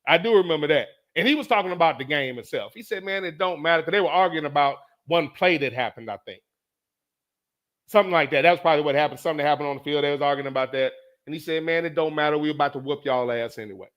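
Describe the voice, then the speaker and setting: Profane storytelling man, animated. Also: a little high, quick pace. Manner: animated, profane, repeats lines for emphasis. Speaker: podcast host. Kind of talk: casual storytelling monologue.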